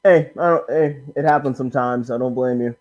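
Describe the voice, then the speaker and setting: A man's voice: mid-range voice, fairly quick, a little mellow, dull audio. A man co-hosting a casual live-stream chat in a laid-back way, with lots of hesitant fillers.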